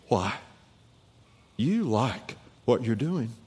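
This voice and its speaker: A man's voice: lowish voice, expressive, slow, a little mellow, breathy edge. A man preaching a sermon as the pastor, telling a childhood story and asking his congregation rhetorical questions. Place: church hall. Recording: long hall reverb.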